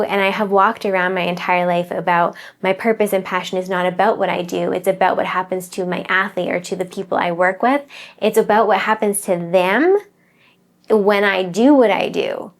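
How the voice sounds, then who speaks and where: A woman's voice: medium pitch, fairly even intonation, moderate pace. A woman who coaches mindset, talking straight to her viewers in an earnest, encouraging way and repeating her key phrases. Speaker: mindset coach and channel host. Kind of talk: motivational talk to camera.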